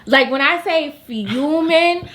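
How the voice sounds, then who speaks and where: High-voiced young woman, emphatic. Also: animated, slow, a bit bright. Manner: emphatic, slangy and profane, talks straight to viewers. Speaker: guest, best friend of the host. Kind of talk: casual storytime chat.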